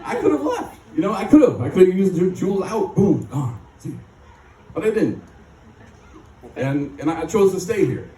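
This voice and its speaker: A man's voice: sits high, very animated, normal speed, mellow, far from the mic, a little hiss or hum. A man from Michigan speaking at a recovery rally, telling his story in a joking, rambling way with frequent laughs. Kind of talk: recovery testimony talk. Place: live rally stage. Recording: echoey and off-mic.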